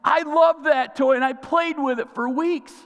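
A man's voice: extremely high pitch, steady tone, a little slow, fairly bright tone. A man preaching a sermon as pastor, asking the congregation questions and calling for responses. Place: church sanctuary. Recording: long reverb of a large hall.

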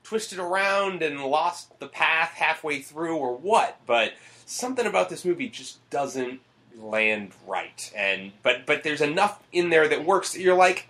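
Male podcast host, casual movie talk, bright voice, rambling and profane. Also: fairly high pitch, lively intonation, measured pace. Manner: rambling, profane, full of fillers.

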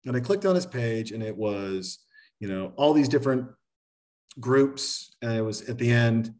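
A man's voice: mid-range voice, normal speed, a little mellow, distant mic. A man from Texas, a guest on a podcast, telling stories animatedly with casual swearing. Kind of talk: casual storytelling conversation.

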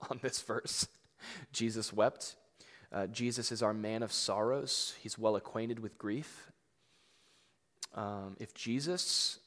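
A man preaching to a congregation with loose, chatty phrasing and lots of "like" and "you know". His voice sits at an ordinary middle pitch. The sound carries a long reverb tail from a large hall. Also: fairly bright tone. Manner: conversational preaching, filler-heavy and emphatic. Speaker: pastor. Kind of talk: sermon.

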